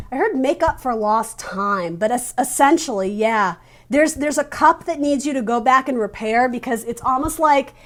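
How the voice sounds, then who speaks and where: A woman giving a casual spoken tarot reading. She speaks earnestly and straight to the viewer, thinking aloud and searching for her words. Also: sits high. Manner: earnest, addresses the viewer directly. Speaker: tarot reader.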